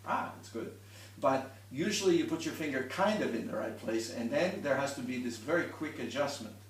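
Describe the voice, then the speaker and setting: Fairly quick and expressive, a man with a mid-range voice gives one-on-one violin instruction. He explains patiently with demonstrations and restarts, and the recording sounds roomy and far off.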